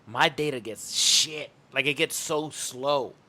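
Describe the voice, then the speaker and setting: A young man co-hosting a podcast in casual chat, laid-back but quick to swear and flare up when something annoys him. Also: medium pitch, sharp tone. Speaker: podcast co-host.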